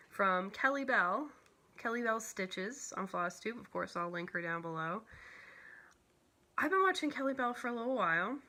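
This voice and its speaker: A woman's voice: on the high side, sharp tone. A woman vlogging about cross-stitch gifts, chatting casually and gushing with lots of "like" and "you know", at home before a camera. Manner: emotional, near tears at times. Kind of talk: casual show-and-tell chat.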